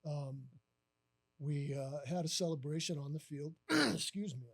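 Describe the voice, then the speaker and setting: An older man with a fairly high voice spins a long story as a podcast guest. He fills his lines with "you know" and "uh," and he jumps into the quoted voices of the people in the tale. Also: a little slow. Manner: animated storyteller who acts out quoted voices with many fillers. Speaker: guest, former baseball catcher.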